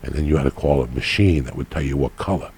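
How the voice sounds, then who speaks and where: A man's voice: very deep voice, fast talker, darkish tone, slight background noise. A man telling a long, profane comic story from his past in a rambling, storytelling way. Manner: profane, gravelly, rambling anecdote. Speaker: podcast storyteller.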